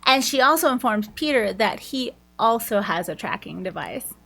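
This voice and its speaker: A woman's voice: a little high, expressive, moderate pace, creaky, a bit bright. Chatty woman retelling a book's plot. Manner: chatty, loose storytelling with frequent "like" and quoted lines. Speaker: book reviewer. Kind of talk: casual book review, retelling the plot.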